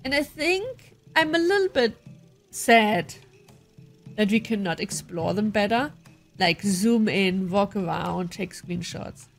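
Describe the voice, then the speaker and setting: A woman's voice: medium pitch, lively intonation, slow, soft background music. Woman reading and commenting on a game. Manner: chatty asides between read-out passages. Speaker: game player. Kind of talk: let's play commentary, reading game text aloud.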